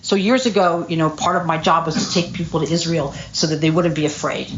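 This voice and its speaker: A woman's voice: deep voice, brisk, muffled recording, a little hiss or hum. A middle-aged woman speaking at a recovery meeting, telling her story candidly with lots of fillers. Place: meeting room.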